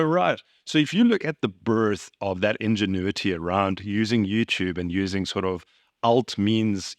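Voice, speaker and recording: A man's voice: fairly low pitch, dry recording, studio quality. A young man co-hosting a casual podcast, explaining ideas and often checking in with "right?". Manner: explanatory, uses tag questions like "right?". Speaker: podcast co-host.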